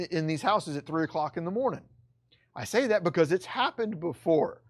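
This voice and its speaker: A real estate instructor giving an online course lecture, talking emphatically and bluntly, often repeating key points. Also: medium pitch.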